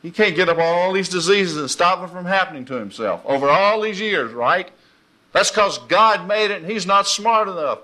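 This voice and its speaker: Folksy male preacher, slightly high, bright and punchy voice, animated. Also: normal speed. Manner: folksy, animated, laughs often. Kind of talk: informal sermon.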